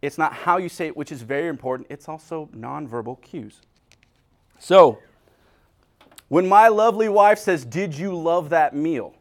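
Lively, joking male preacher. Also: a little high, moderate pace, pauses often. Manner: animated, jokey, acts out little scenes. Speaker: pastor. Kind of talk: humorous sermon.

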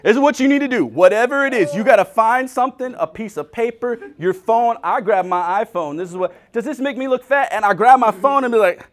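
A man's voice: high-pitched, a little fast, few pauses. A middle-aged man preaching a humorous sermon, joking and acting out little scenes. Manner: animated, jokey, acts out little scenes. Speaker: pastor.

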